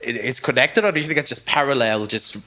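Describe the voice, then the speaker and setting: A man, from Germany, hosting a talk show and asking questions eagerly in quick bursts. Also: mid-range voice, bright, forceful tone. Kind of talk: casual interview chat.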